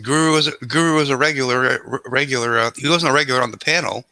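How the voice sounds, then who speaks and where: A man in a casual group chat who explains things in quick bursts. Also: mid-range voice, pushed and bright, no echo, poor audio. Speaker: panelist.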